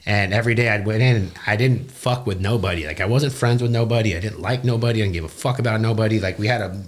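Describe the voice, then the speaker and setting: Man, fast-paced, low-pitched, profane, animated storyteller, casual interview. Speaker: guest, business owner.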